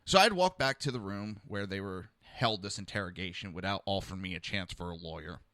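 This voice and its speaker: A man's voice: deep voice, a little fast, bright, forceful tone, no room sound, clean studio sound. A man hosting a podcast, telling a personal story in a heated, rambling, blunt way. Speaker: podcast host.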